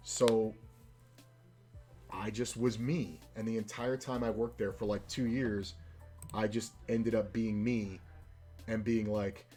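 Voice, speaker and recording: Rambling low-voiced male streamer. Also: fairly even intonation, slow, pauses often, mellow, faint music behind. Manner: profane, rambling storyteller with side comments. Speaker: poker and game streamer. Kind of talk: casual storytelling while gaming.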